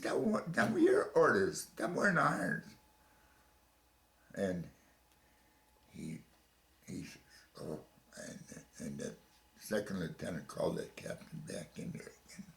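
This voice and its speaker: An older man from Chicago telling his story in an oral history interview, pausing and repeating words as he goes. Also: low-pitched, gravelly, roomy sound. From Chicago, USA. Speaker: veteran interviewee. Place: home room.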